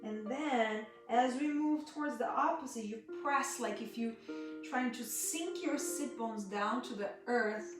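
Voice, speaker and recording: Far from the microphone in a strongly echoing room, a woman guides gentle yoga at a slow, soft pace, her voice somewhat high. Between breathing cues she makes friendly, chatty remarks to viewers while guitar plays clearly in the background.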